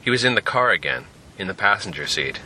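A man narrating a scripted story in an expressive, lively way. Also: lowish voice, quick pace, a little hiss or hum. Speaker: narrator and podcast host.

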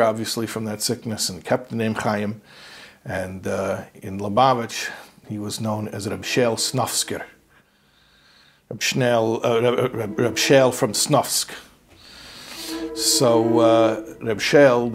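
A man with a low, husky voice tells a religious story. His delivery is earnest and conversational, the way a teacher retells a tale.

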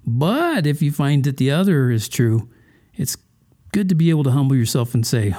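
A man's voice: mid-range voice, sing-song, moderate pace, dark tone. A man hosting a religious podcast, talking to the listener in a folksy, conversational way and often asking questions. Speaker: podcast host. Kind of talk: casual religious podcast monologue.

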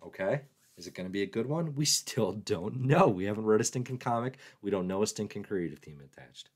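A man's voice: lowish voice, expressive, fairly quick, breathy edge. A man hosting a casual livestream, joking and mocking himself as he answers viewer questions aloud. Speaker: comics livestream host.

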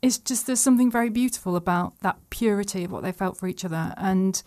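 A woman's voice: mid-range voice, quick pace, mellow. A woman co-hosting a podcast in casual chat, enthusiastic and outspoken. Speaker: podcast co-host.

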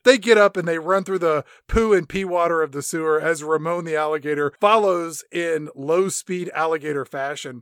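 Bright-voiced man recapping a movie. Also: a little high, dry recording, studio quality. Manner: jokey, wry, crude humor, lively storytelling. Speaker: podcast co-host. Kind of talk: comedic movie recap chat.

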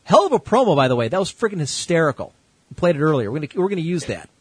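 A male host running a casual internet call-in show, chatting loosely and cracking crude jokes. His voice sits slightly high for a man and sounds very dry and close. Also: big pitch swings, rapid-fire, husky, no echo, rough recording. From United States. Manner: laid-back, joking, crude.

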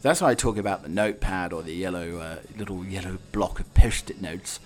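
A man's voice: sits low, a little fast, faint music behind. A man hosting a podcast, chatting on his own in a rambling, jokey way full of meandering asides. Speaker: podcast host. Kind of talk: casual solo monologue.

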